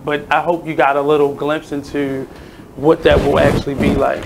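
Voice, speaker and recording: A man's voice: a little high, completely flat delivery, moderate pace, vocal fry, background noise. A man hosting a radio show, chatting casually and giving reflective advice to his guest. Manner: reflective, advice-giving, frequent "mm-hmm" backchannels. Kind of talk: casual interview chat.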